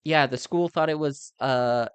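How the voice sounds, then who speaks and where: A young man streaming live, talking in a candid, rambling way full of filler words. His voice is smooth and clear and sits at an ordinary pitch. The sound is dry and close, with no room echo. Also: unhurried. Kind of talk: casual chat.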